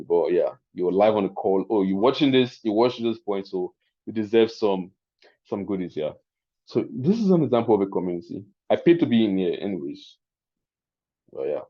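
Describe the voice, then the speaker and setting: A man with a Nigerian accent hosting a live webinar, chatty and excitable, often laughing as he teaches. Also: on the low side, dull audio. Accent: Nigerian English. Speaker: webinar host.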